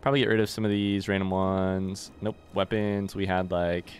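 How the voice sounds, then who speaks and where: A man with a low voice does casual let's play commentary at normal speed, full of swearing and remarks aimed at the game's characters. He's animated throughout, and the recording carries slight hiss or hum.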